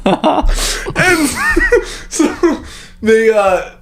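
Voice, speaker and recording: A man's voice: very high-pitched, huge pitch swings, very slow, a bit bright. A man hosting a casual film review podcast, laughing often and acting out lines from the film. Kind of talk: casual chat.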